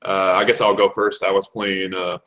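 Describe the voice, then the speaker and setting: A man's voice: deep voice, little pitch movement, normal speed, fairly bright tone, rough recording. A laid-back man hosting a casual live-stream chat over a video call, moving the talk along. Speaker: host running the round. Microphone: computer mic on a video call.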